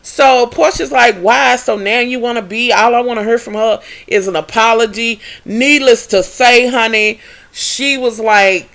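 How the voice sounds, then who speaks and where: A woman's voice: fairly high pitch, a little slow, a bit bright. A young woman recapping a reality TV episode in a sassy, profane, gossipy way. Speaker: TV recap vlogger.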